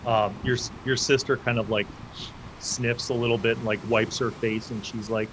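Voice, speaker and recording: A man narrates a tabletop game as game master. He rambles, with many fillers and restarts, in a middle-pitched voice. Faint background noise sits under the recording. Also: level tone, moderate pace.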